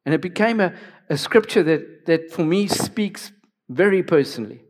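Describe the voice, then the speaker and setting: A man's voice: a little high, expressive, moderate pace. A middle-aged male pastor preaching a personal, emotional sermon, often restarting his sentences.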